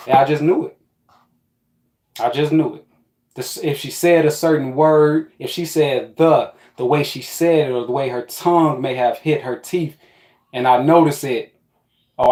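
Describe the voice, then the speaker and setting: Profane rambling man in an echoey room. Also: mid-range voice. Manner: profane, rambling, animated with quoted asides. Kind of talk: casual spiritual storytelling monologue.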